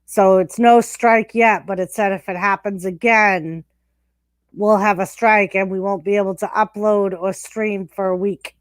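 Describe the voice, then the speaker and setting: Slow-talking woman chatting on a stream. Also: medium pitch, fairly even intonation, no echo. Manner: chatty, reacts loudly to wrestling. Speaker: stream co-host. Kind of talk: casual live-stream chat.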